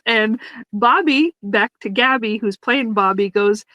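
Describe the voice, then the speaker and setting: A fairly high-pitched woman chats casually as a podcast co-host and recaps a sitcom episode. She laughs often and slips into the characters' lines as she retells each scene. The sound is close and dry. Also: measured pace, bright, forceful tone, dry recording, low-quality recording.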